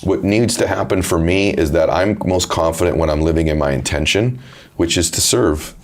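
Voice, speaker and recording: A middle-aged man with a deep voice, telling personal stories candidly and earnestly in a conversation. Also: normal speed, slight background noise. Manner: earnest, emotional, quotes others in his own voice. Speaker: podcast host and author.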